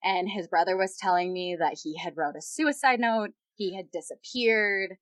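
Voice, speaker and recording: A woman's voice: medium pitch, normal speed, no echo. A young woman guest on a podcast, candidly retelling a personal story with lots of quoted dialogue.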